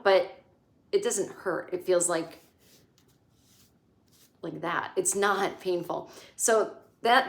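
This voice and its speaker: A woman comedian in her forties giving a casual, sarcastic TV recap, swearing and acting out quotes in shrill voices. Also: a bit bright. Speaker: comedian podcast host. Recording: echoey room.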